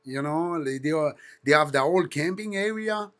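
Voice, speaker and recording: A man's voice: on the high side, lively intonation, moderate pace, a bit bright. A man in his thirties with a French accent, hosting a casual live stream and telling stories with lots of swearing and engine-noise imitations. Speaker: host.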